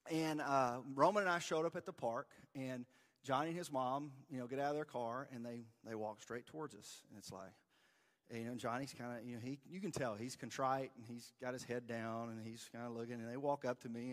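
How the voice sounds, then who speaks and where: A man's voice: mid-range voice, long reverb tail. A man, preaching a conversational sermon in casual, self-deprecating storytelling. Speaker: pastor. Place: church sanctuary.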